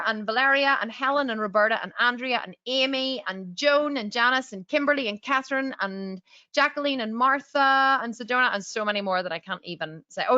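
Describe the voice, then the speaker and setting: A woman's voice: mid-range voice, pushed and bright, dry recording, lo-fi sound. Chatty woman hosting a webinar. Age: middle-aged. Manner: chatty and upbeat, reading out viewer comments. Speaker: webinar host. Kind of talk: live webinar greeting viewers. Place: small office.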